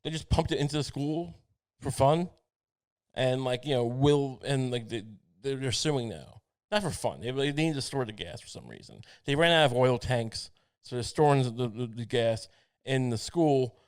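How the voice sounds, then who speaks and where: A man talks into a podcast mic, riffing on a comic rant in a middle-pitched voice. He rambles and swears, trips over his words and restarts. The tone is loose and unscripted. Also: animated, clean tone. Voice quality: profane, halting delivery with many restarts. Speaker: podcast host. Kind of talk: rambling comedic monologue. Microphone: podcast microphone.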